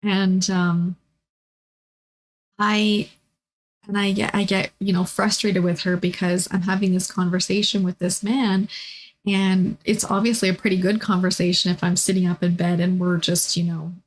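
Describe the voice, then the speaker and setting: A woman's voice: lowish voice, level tone, normal speed, slight background noise, poor audio. A woman telling personal stories in a rambling monologue, full of fillers and restarts. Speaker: spiritual vlogger.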